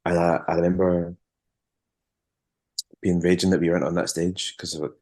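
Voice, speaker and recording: A man's voice: low-pitched, little pitch movement, moderate pace, mellow. A man with a Scottish accent, a musician and former tour manager, rambling through anecdotes in a casual interview, with frequent restarts and chuckles.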